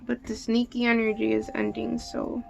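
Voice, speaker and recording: A woman talks through a tarot reading in a loose, unscripted way. Her voice sits a little high and has a gravelly fry, and she swears freely while sounding openly emotional. Soft music plays in the background. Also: little pitch movement, normal speed. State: teary at times. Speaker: tarot reader. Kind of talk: casual tarot reading monologue.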